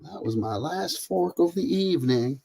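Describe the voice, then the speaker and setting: A man's voice: on the high side, animated, moderate pace, warm tone, slightly rough. Chatty, profane middle-aged man streaming. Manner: chatty, profane, talks to viewers by name. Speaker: livestreamer cooking while reading chat. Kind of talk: casual live-stream chat.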